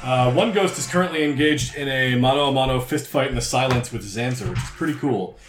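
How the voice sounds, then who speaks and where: A man's voice: mid-range voice, a little fast, reverberant, soft background music. A man running a tabletop game as game master, narrating scenes and ruling on rolls with easy laughs.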